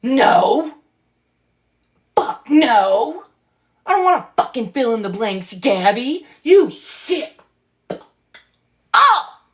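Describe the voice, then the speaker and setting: A woman's voice: a little high, sing-song, slow pace, long pauses. A woman giving casual, sarcastic and profane reaction commentary on a book she reads aloud.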